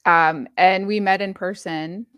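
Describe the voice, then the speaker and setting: A woman co-hosting a podcast in casual, animated chat, emphatic and quick to laugh. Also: mid-range voice, clear, resonant tone, no room sound, highs cut off. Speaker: podcast co-host.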